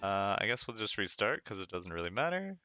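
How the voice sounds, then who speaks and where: A man's voice: fairly low pitch, very animated, brisk, pushed and bright, clear, resonant tone, no room sound, soft background music. A man streaming a retro game, reading its text aloud with wry asides and frequent laughter. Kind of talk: casual game commentary.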